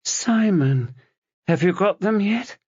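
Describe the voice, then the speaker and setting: A male narrator puts on a weary, sharp-tongued young wife in an audiobook, her voice lifted high and swinging widely. She sounds drowsy and breathy. The recording is dull and lo-fi. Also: animated, slow pace, no echo, heavily acted.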